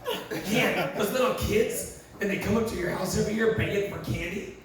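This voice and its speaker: A man with a high voice performs a stand-up set in a live venue, heard from far off through a very echoey, noisy room. He tells crude stories with plenty of swearing and acts out every line of dialogue. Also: moderate pace. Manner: profane, animated storytelling with acted-out quotes. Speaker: comedian.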